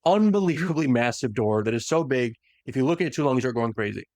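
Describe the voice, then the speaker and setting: A man's voice: medium pitch, lively intonation, fast, darkish tone, dry recording, clean studio sound. A man hosting a podcast, casually retelling a story with lots of fillers and self-corrections. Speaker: podcast host.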